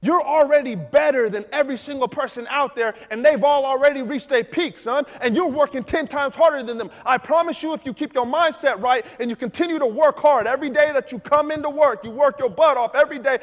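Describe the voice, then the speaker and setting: A man's voice: extremely high pitch, voice pushed up. A man voicing his firm, encouraging father, preaching with rising emphasis. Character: wise father, middle-aged, firm and encouraging. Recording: long hall reverb.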